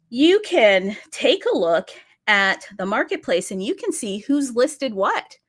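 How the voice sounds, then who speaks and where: An energetic woman hosting a crypto livestream, talking in a chatty, openly promotional way. Her voice sits in a middle pitch for a woman, and she keeps pushing her viewers to sign up and get involved.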